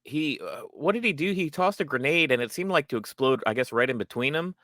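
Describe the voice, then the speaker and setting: A man's voice: medium pitch, expressive, fairly quick, bright, forceful tone, dry recording, clean studio sound. A man co-hosting a casual TV reaction podcast, rambling with frequent ums and laughs. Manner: rambling, many ums and restarts, laughs often. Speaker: podcast co-host. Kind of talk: casual TV episode recap chat.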